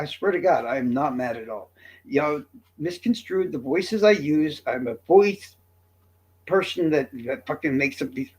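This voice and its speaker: A man in his fifties ranting to his livestream chat, profane, boastful and combative. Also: fairly high pitch. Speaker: streamer.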